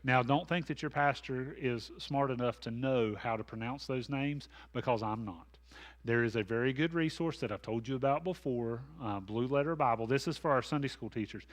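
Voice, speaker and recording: Male pastor, conversational Bible study teacher who is self-deprecating and full of asides. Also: mid-range voice. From American South.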